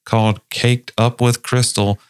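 A man's voice: medium pitch, little pitch movement, a little slow, clear, resonant tone, no echo, studio quality. A man with a Southern US accent, co-hosting a podcast in casual, teasing chat. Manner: playful, teasing. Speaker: podcast co-host.

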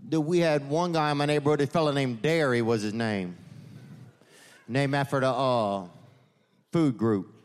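A man's voice: medium pitch, normal speed, long pauses. A man doing a stand-up comedy set on a theater stage, rambling through meandering digressions and leaning on "man" and "you know.". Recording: reverberant theater with faint audience ambience.

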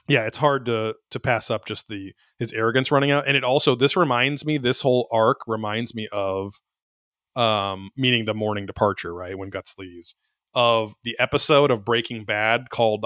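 A man co-hosting a podcast in casual chat, rambling and animated and swearing freely. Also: lowish voice, no echo, clean studio sound. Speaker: podcast co-host.

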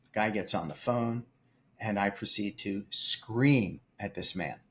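Animated older man telling stories. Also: fairly low pitch, unhurried. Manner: animated, emphatic storyteller. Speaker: film producer. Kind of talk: storytelling interview.

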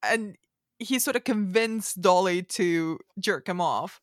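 A woman's voice: lowish voice, slow, dry recording, studio quality. A woman hosting a casual podcast chat, laughing often and putting questions to her guest. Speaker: podcast host.

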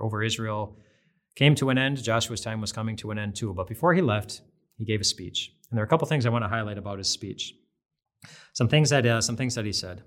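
A man's voice: fairly low pitch, a bit bright. A man giving a devotional sermon, earnest and conversational, often restarting his phrases. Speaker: pastor.

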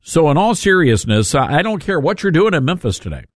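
A man's voice: a little high, sing-song, fairly quick, dry recording, studio quality. A man hosting a talk radio show, joking and self-mocking as he talks. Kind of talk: casual talk radio monologue.

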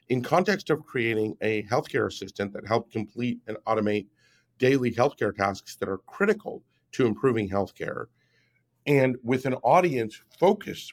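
A man in his fifties talks as a guest on an interview show. He explains things in an emphatic, step-by-step way and often checks in with "right?". His voice sits at a middle pitch. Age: 50s. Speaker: guest, app founder. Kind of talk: podcast interview.

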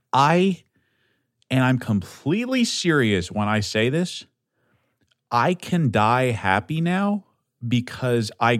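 A man's voice: medium pitch, no room sound, clean studio sound. A man hosting his own podcast alone, rambling and swearing, with many restarts and filler words, pleading earnestly with his listeners. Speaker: podcast host. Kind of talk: solo podcast monologue.

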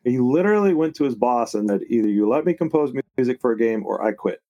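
A man's voice: medium pitch, lively intonation, quick pace, mellow, lo-fi sound. A man on a podcast panel sharing trivia in casual chat, with some hesitant fillers.

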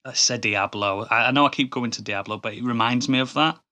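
An enthusiastic man chats casually as a podcast co-host, his voice bright and forceful. He rambles and restarts his sentences, piling on praise as he goes. His pitch sits in the middle. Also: a little fast. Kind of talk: casual chat.

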